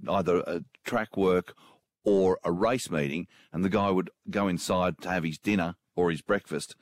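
Deep-voiced man with deadpan jokes. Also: normal speed, no echo. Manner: dry teasing one-liners. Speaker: podcast co-host. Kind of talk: banter, deadpan asides.

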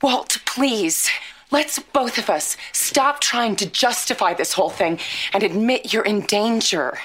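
A woman's voice: mid-range voice, lively intonation, unhurried, fairly bright tone, slight background noise. An actress playing a worried wife pleading with her husband in a TV drama clip.

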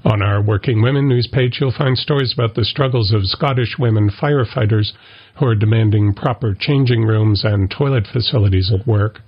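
Husky man reading a news roundup. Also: on the low side. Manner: steady, measured reading. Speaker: news presenter. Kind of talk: read labour news roundup. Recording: dull lo-fi radio sound.

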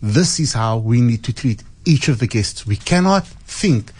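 An earnest man with a mid-pitched voice explains an event he organises. He talks as an interview guest, laying things out step by step. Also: lively intonation, measured pace, darkish tone.

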